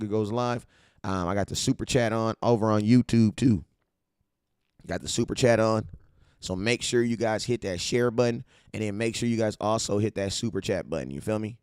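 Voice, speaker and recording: A man from California hosting a casual fan-show livestream, hyped and slangy as he shouts out his viewers. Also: fairly low pitch, smooth, dry recording, studio quality. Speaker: livestream host.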